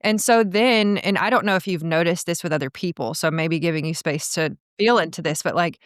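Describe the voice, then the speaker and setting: A woman host speaks in a fairly low, smooth voice, warm in attention and chatty as she thinks aloud with her guest. Her voice is clear and the sound is dry and close to the mic. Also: brisk, no room sound. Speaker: podcast host. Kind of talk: casual conversational interview.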